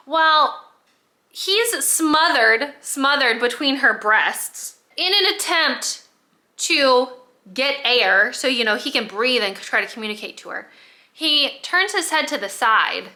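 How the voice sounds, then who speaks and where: High-pitched lady book vlogger, animated, laughing a lot while she recaps. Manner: animated, laughing, exclamatory retelling. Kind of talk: casual book chat.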